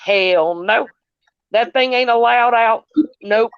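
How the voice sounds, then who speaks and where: A woman's voice: fairly high pitch, slow pace, clean tone, no echo, dull audio. A woman chatting casually, blunt and emphatic with salty language. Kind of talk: casual chat.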